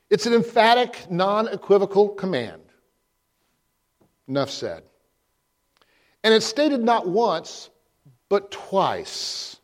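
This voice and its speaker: A man preaching a sermon as pastor, posing emphatic rhetorical questions with frequent pauses. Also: sits high. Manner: slow, deliberate delivery with frequent pauses.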